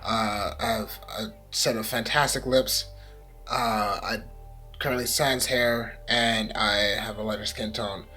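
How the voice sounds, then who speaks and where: A man from Canada, a featured musician, introducing himself in a warm, grateful, slightly hesitant way. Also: lowish voice, fairly even intonation, unhurried, soft background music. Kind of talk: casual self-introduction.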